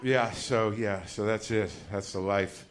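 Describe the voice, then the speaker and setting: A man's voice: fairly low pitch, steady tone, unhurried, background noise. A middle-aged man doing stand-up comedy, telling a neurotic, profane, self-deprecating story on a live stage. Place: theater stage before a live audience. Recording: live stage recording with loud crowd laughter.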